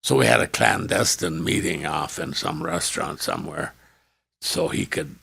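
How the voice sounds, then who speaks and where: An older man, a former radio host telling career stories as a podcast guest, animated and acting out the people he quotes. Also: extremely low pitch, moderate pace, vocal fry, breathy edge, dry recording. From Canada. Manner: animated storyteller who acts out quoted dialogue. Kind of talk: storytelling in a podcast interview.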